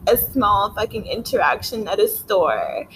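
A woman hosting a casual solo podcast, rambling with lots of filler words, swearing and frequent laughter while she is high. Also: big pitch swings, measured pace, a bit bright, slight background noise. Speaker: podcast host.

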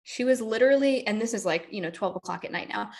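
Woman guest on a podcast, chatty storyteller, jumps up high when she quotes people. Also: fast, vocal fry. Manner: animated, acts out quoted people in a higher voice. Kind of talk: casual storytelling.

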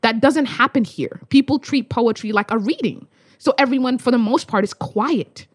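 A young woman, a spoken word poet, telling a story in animated, laughing, swearing casual chat. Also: a little high, normal speed, slightly rough, no echo, studio quality. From Australia.

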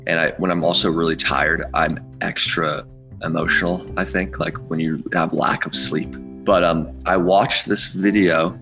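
A man's voice: very deep voice, fairly bright tone. A man guesting on a podcast, chatting casually in a rambling, laid-back way and laughing often. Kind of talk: casual chat.

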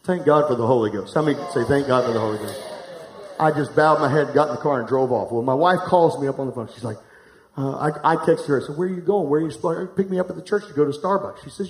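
A middle-aged pastor preaching live to a congregation, candid and humorous, telling a personal story and speaking to the room directly. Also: male voice, fairly high pitch, lively intonation, fast talker. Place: church hall, live before a congregation. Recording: echoey room.

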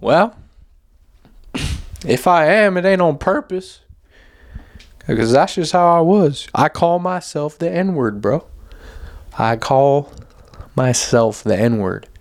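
A man's voice: fairly high pitch, expressive, slow, pauses often. A young man hosting a podcast, talking in a loose, rambling monologue full of swearing and fillers. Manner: rambling, profane, heavy on "like" and "man". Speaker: podcast host. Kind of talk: casual monologue.

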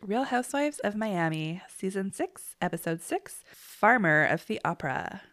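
A woman's voice: medium pitch, big pitch swings, moderate pace, a bit bright. A woman co-hosting a casual gossip podcast, chatty and blunt, swearing freely. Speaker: podcast co-host.

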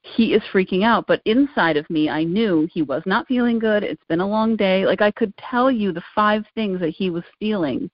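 A woman's voice: medium pitch, normal speed, few pauses, dry recording. A woman in casual conversation, telling earnest stories about parenting and emphasizing points through repetition. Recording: dull lo-fi dry recording.

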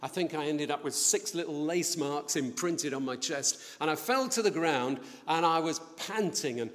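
A middle-aged man preaching a sermon, telling a story in a lively way and acting out the voices of the people in it. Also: on the high side, normal speed. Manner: storytelling, animated, acts out quoted voices. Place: church building. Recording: long church reverb.

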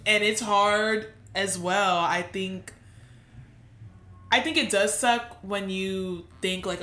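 A woman's voice: lowish voice, a little slow, sharp tone, reverberant, slight background noise. A young adult woman co-hosting a podcast, talking candidly and emotionally, close to tears and swearing freely. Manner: emotional, swears freely, voice rising when upset. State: near tears. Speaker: podcast co-host. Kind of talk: candid casual chat.

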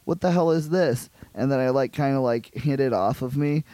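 A man's voice: medium pitch, normal speed, warm tone, no echo. A man co-hosting a podcast, rambling through crude stories and jumping into goofy voices for the people in them. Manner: rambling retelling, slips into goofy voices for characters. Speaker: podcast co-host. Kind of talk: crude casual chat.

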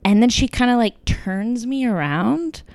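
Young woman, chatty storyteller, filler-heavy and animated in quotes; clean, dry read. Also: on the high side, measured pace, no echo. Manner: chatty, lots of "like" and "kinda", quoting others in lively bursts. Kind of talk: casual storytelling chat.

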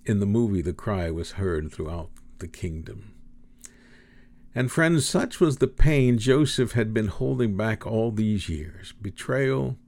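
A man preaching a sermon, with dramatic, slow, emphatic delivery and big swings in pitch and volume. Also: expressive, darkish tone.

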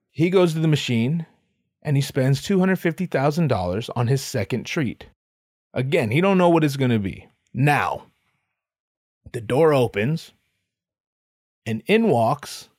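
A man's voice: medium pitch, sing-song, a little slow, pauses often, no echo. Male comedy podcaster, profane and rambling, mock-boastful storytelling, dry sound. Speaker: podcast host.

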